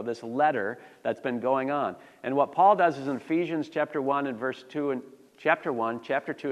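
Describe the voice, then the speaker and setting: A man preaching a sermon to his congregation in a conversational style, asking his listeners questions as he goes. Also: mid-range voice. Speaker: pastor. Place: church sanctuary. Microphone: handheld or stand mic. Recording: long reverb of a church hall.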